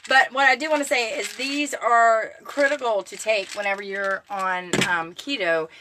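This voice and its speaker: Chatty middle-aged woman streaming from her kitchen, kinda high bright voice, faint background hiss. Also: moderate pace. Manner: chatty, excitable, greets viewers by name. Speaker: keto cooking vlogger. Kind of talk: casual live-stream chat. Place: home kitchen.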